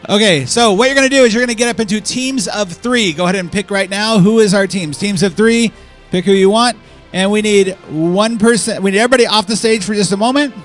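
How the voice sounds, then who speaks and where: A man hosting a live stage event, calling names and directing a game with energetic, joking instructions. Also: high voice, fairly quick, faint music behind. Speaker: host. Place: convention stage before a live audience.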